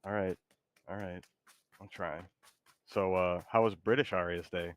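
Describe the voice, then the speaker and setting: Hesitant low-voiced streamer man. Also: steady tone, a little slow, low-quality recording. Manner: hesitant, trailing off with fillers and laughs. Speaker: game streamer. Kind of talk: casual gaming chat.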